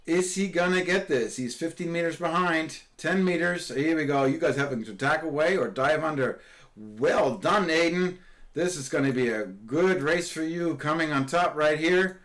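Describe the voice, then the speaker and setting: A man giving live commentary on virtual sailing races, excitable and quick to exclaim, repeating his calls as the boats close in. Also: a little high.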